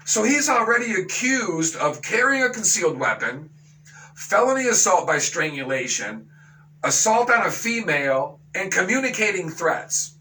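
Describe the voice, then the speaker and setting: A man's voice: sits high, very animated, normal speed, sharp tone, recorded from a distance, low-quality recording. A man hosting a talk radio show, ranting with outrage and sarcasm and slipping into mocking voices. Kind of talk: opinion talk radio monologue.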